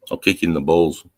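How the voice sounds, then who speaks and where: A man with an Australian accent hosting a casual reaction chat, loud and sweary, laughing as he banters. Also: low-pitched, no echo. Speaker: streamer host.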